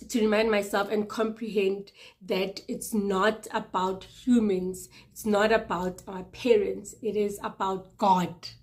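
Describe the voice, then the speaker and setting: A woman in her thirties sharing a personal testimony in an earnest, halting way, with restarts and repeated words for emphasis. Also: mid-range voice. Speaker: vlogger sharing personal experience.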